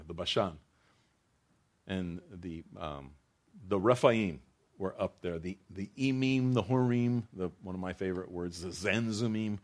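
A man preaching a sermon as a pastor, earnest, often restarting his phrases and rising into emphatic bursts. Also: deep voice.

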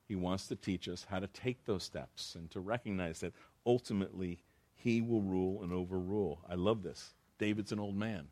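Deep-voiced pastor teaching scripture. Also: male voice, normal speed, darkish tone. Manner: conversational, repeats phrases, restarts mid-sentence. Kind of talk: verse-by-verse Bible teaching.

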